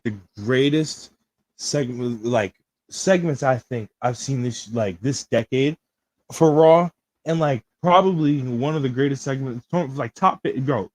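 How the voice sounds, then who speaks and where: Excitable slangy man talking wrestling. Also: medium pitch, slow pace, no room sound, rough recording. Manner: excitable, slangy, says bro a lot. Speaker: podcast co-host. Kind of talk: casual wrestling review chat.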